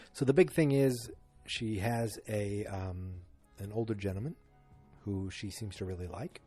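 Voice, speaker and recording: A man's voice: on the low side, warm tone, slightly rough. A man hosting a solo podcast, rambling through a casual recap with many fillers. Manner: rambling, filler-heavy retelling. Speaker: podcast host. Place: home, alone.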